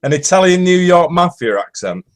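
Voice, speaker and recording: Joking British man, fairly high voice. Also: animated, moderate pace. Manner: joking banter, tells jokes. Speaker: co-host. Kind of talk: casual live-stream chat.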